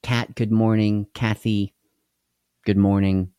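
A man's voice: fairly low pitch, level tone, slow, mellow, clean tone, no echo, clean studio sound. Tired folksy man hosting a live devotional. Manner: folksy, chatty, greets viewers by name, laughs easily. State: tired and unwell. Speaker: devotional livestream host. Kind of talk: casual livestream devotional.

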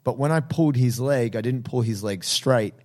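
Aussie guy on a podcast, chatty and animated, jumps into voices for what he said, middle pitch. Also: moderate pace. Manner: animated storyteller, acts out his own reactions. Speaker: podcast co-host and jiu-jitsu coach. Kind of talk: casual podcast chat.

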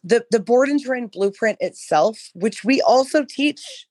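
A woman co-hosting a podcast in casual chat, hoarse from losing her voice, rambling and swearing freely. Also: on the high side, measured pace, no echo. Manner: rambling, profane, animated. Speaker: podcast co-host, dog trainer business coach.

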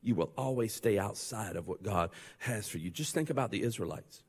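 A male pastor preaching a sermon, joking and conversational, then building to loud, fervent passages. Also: lowish voice, animated, a little fast, slightly rough, long reverb tail.

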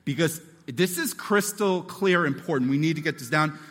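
A man preaching a sermon as pastor, animated and acting out voices and quotes as he teaches. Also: on the high side, normal speed, big-room sound.

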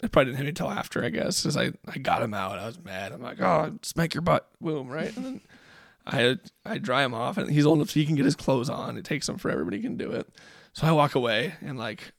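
A man's voice: medium pitch, animated, quick pace, vocal fry, dry recording, clean studio sound. A father in his thirties on a podcast, telling a rambling, reflective story about his kids with lots of filler words. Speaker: podcast co-host. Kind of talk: casual storytelling chat.

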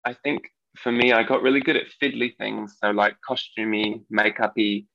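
A man's voice: lowish voice, fairly even intonation, moderate pace, creaky, dry recording. A man in his thirties with a New Zealand accent, chatting as a podcast guest in a giggly way with many ums. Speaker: podcast guest, nail artist. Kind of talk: casual interview chat. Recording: dull, lo-fi dry remote audio.

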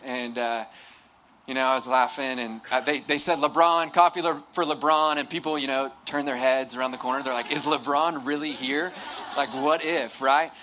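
Young guy preaching, joking story, brightish tense voice, slight hiss behind. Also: mid-range voice, fairly even intonation, normal speed. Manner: humorous, conversational, self-deprecating storytelling with frequent restarts. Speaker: campus ministry speaker. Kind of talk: sermon storytelling.

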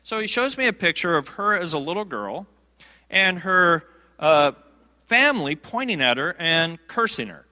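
A man's voice: sits high, sing-song, moderate pace, pushed and bright. A man preaching a sermon, telling a humorous, self-deprecating story with frequent fillers and restarts. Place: church sanctuary. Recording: long reverb of a large sanctuary.

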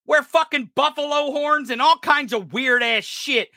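A male podcast host delivering an angry, profane political rant, often shouting. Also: very high-pitched, a little slow, no echo, studio quality.

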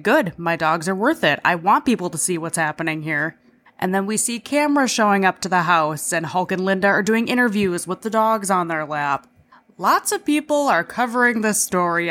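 A woman's voice: on the low side, a bit bright. A woman hosting a podcast, recapping an episode in a chatty way, with swearing and self-deprecating asides. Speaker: podcast host.

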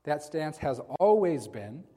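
A man's voice: a little high, sing-song, a little slow, dark tone. A man preaching a sermon in a conversational way, talking to his listeners as guys. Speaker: pastor. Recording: long hall reverb.

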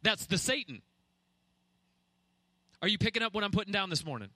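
A man preaching a sermon at a quick pace, firing off rhetorical questions with intensity. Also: high voice, very animated, bright, forceful tone, no room sound. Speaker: pastor.

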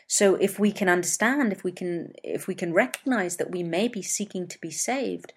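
Woman, spiritual teacher, reflective talk, measured, repeats key phrases. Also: on the low side, husky.

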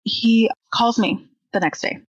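A woman's voice: a little high, fairly even intonation, slow pace, slightly rough, no room sound, lo-fi sound. A young woman candidly telling a personal story, acting out the dialogue she quotes.

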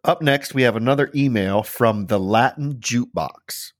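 A man's voice: mid-range voice, normal speed, no echo, studio quality. An American man co-hosting a casual podcast, joking crudely and swearing. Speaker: podcast co-host.

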